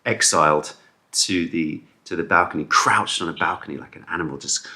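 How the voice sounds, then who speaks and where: A man's voice: low-pitched, fairly quick. A man vlogging in a casual storytelling style, rambling through anecdotes with fillers and restarts, acting out the people in them. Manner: acts out quoted people with raised animated voice.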